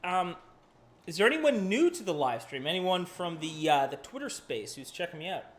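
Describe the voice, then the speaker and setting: This crypto livestream host is a man with a fairly high voice who chats loosely about the market, swearing casually and apologizing over and over as he hops between charts. He sounds very animated and keeps a moderate pace.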